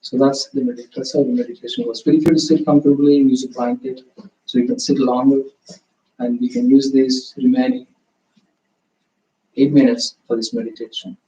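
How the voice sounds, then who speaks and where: A man teaching a live yoga class, guiding meditation with slow, calm, gentle instructions. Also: medium pitch, reverberant, highs cut off.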